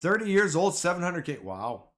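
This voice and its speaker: A man streaming live about the stock market, talking back to his viewers in excitable, slangy, casual commentary. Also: sits high, normal speed.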